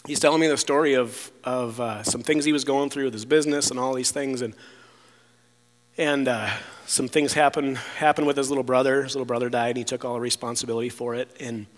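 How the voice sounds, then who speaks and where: A man's voice: medium pitch, fairly even intonation, a little fast, in a large hall. A man telling a personal testimony in casual speech, rambling with many fillers and restarts, sometimes acting out what others said. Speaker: storyteller sharing a testimony.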